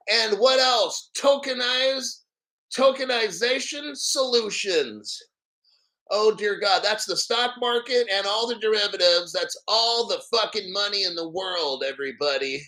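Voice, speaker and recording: A man hosting a livestream, talking in an excitable, profane way that breaks into shouts. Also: high-pitched, measured pace. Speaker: livestream host. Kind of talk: excited crypto livestream chat.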